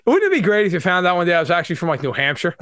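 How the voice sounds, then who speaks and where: A man's voice: high-pitched, no room sound, studio quality. A man with a New York accent talking football in casual, joking banter on a podcast. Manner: fast, animated, self-deprecating banter. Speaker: sports analyst guest. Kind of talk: casual sports talk.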